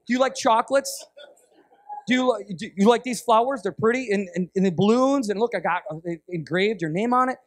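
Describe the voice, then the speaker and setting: A man voicing an exasperated church member who brought gifts, complaining loudly. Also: high-pitched, a little fast, dry recording, natural voice. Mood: indignant. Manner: huffy, exasperated. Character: indignant gift-bringing church member.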